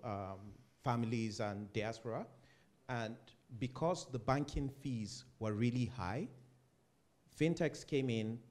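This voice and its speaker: A man from Africa, a startup founder, speaking casually on a panel and acting out loud conversations with a laugh. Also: medium pitch. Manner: animated, acts out loud phone talk with laughter.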